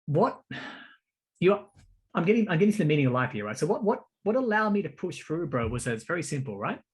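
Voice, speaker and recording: A man's voice: a little high, big pitch swings, quick pace, husky. A man hosting a podcast, telling a personal story in casual conversation, stammering and repeating words while calling his listener "bro" and "mate". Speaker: podcast host.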